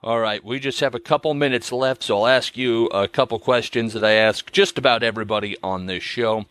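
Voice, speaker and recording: A man hosting a podcast, asking his guest measured, conversational questions. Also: medium pitch, a bit bright, clear, resonant tone, no room sound. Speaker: podcast host. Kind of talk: interview questions.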